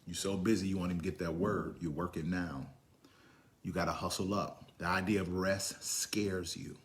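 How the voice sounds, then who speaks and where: A man preaching a sermon, swinging from hushed, whispered lines to loud, high-pitched storytelling. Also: fairly even intonation, moderate pace. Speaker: pastor.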